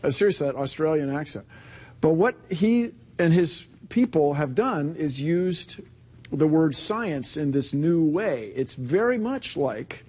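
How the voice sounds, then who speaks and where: A man being interviewed as a scientist, explaining in an animated, earnest way. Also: on the high side, a little slow. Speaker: scientist guest. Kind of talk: casual interview.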